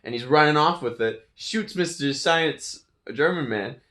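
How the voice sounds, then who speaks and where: A man's voice: a little high, moderate pace, bright, forceful tone, echoey room. A man giving a casual, laughing recap of a movie's plot, slipping into goofy voices for the characters.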